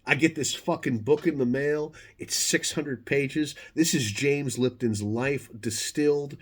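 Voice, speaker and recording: Man, mid-pitch, loose storyteller, swears constantly, stumbles over restarts, animated delivery. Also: a little slow, breathy edge. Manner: profane, animated, self-interrupting. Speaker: storyteller, former podcast host. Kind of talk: casual spoken anecdote.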